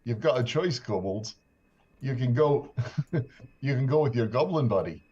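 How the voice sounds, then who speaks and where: A man playing a tabletop game, speaking in a gruff put-on character accent. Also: mid-range voice, animated, unhurried, dark tone, muffled recording. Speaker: player. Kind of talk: tabletop role-play.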